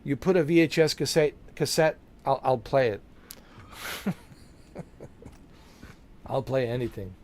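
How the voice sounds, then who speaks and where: A man's voice: mid-range voice, unhurried, long pauses, darkish tone. A man streaming a video game, chatting casually and joking with his viewers, laughing often. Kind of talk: casual live-stream commentary.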